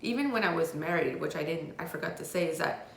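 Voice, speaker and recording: A woman's voice: deep voice, expressive, fast talker, gravelly, slight background noise. A woman telling her own hard life story in a candid, raw way, with blunt swearing, as a confessional vlog. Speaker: vlogger. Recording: roomy echo.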